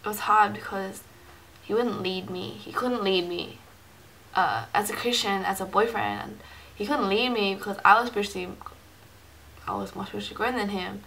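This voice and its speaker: A woman telling a personal story on her vlog in a loose, rambling way, slipping into little acted voices for the people she quotes. Her voice has a gravelly, creaky edge. A faint background noise runs under the recording. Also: mid-range voice, normal speed, a bit bright, low-quality recording. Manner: rambling, many fillers, acts out quoted dialogue. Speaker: Christian vlogger.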